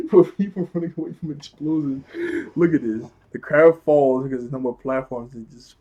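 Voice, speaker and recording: A man's voice: mid-range voice, moderate pace, warm tone, husky. A young man casually recapping a cartoon episode, laughing often and talking in loose slang with lots of fillers.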